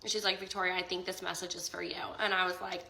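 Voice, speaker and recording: A woman's voice: on the low side, flat delivery, fast talker, gravelly, bright, forceful tone, echoey room, rough recording. A young woman telling an emotional personal story in a casual vlog, quoting both sides of a conversation and saying "like" a lot. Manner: tearful and emotional near the end. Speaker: vlogger.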